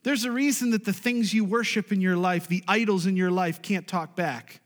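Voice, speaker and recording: A man preaching a sermon as a pastor, animated, with sudden loud, high bursts. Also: normal speed, big-room sound. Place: church sanctuary.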